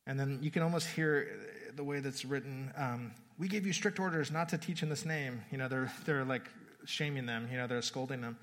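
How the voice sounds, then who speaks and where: A male pastor preaching a sermon in a relaxed, conversational way, often restarting words and laughing at the story. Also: mid-range voice, a little fast, hardly any pauses. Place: church hall. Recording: long reverb of a church hall.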